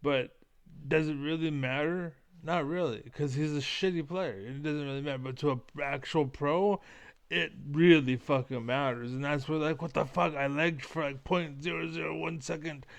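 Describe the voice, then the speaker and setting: Male game streamer, gravelly trash-talker, profane rants. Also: fairly high pitch, steady tone, moderate pace. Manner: profane, ranting, trash-talking. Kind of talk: live gameplay commentary.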